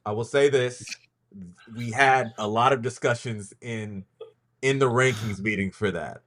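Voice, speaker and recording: A man's voice: medium pitch, a little slow, a bit bright. A man hosting a casual podcast, talking loosely with lots of ums and restarts as he leads a rankings reveal.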